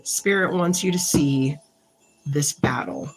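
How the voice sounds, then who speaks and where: Woman tarot reader, lower voice, very slow halting delivery, faint hiss. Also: low-quality recording. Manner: slow, halting, thinks aloud while shuffling and pulling cards; frank and a little irritated, with short laughs. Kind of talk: casual tarot reading to camera.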